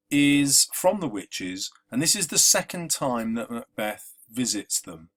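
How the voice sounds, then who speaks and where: A man's voice: medium pitch, very animated, slow pace, few pauses, a bit bright. A man teaching a literature lesson, conversational and explanatory, with frequent ums and uhs. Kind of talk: exam-revision lesson.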